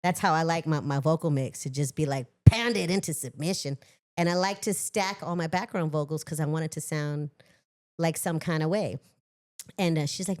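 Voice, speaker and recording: A middle-aged woman from Los Angeles, a singer chatting as a guest on a casual podcast, animated and self-deprecating, laughing often. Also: low-pitched, normal speed.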